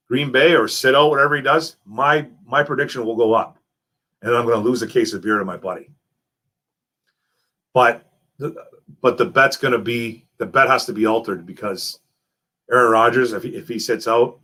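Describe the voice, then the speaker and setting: A young man hosting a casual live stream, reading chat messages and talking football in a lively, repetitive way, calling people man and bro. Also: mid-range voice. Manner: animated, repeats himself, calls people man and bro.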